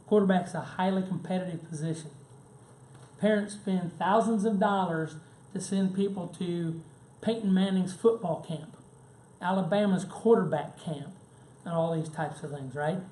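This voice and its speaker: A man's voice: high voice, dark tone. A man giving a conversational business seminar, telling anecdotes and checking in with the audience with frequent "right?" and "okay?". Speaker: seminar presenter. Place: seminar room. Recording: echoey room with faint background noise.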